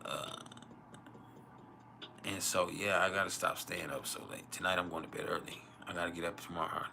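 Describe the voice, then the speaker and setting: Sleepy guy rambling on a livestream, lowish voice, cussing, faint hiss behind. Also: flat delivery, normal speed, vocal fry, pushed and bright. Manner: sleepy, rambling, swears a lot, laughs often. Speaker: astrology livestream host. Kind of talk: casual livestream chat.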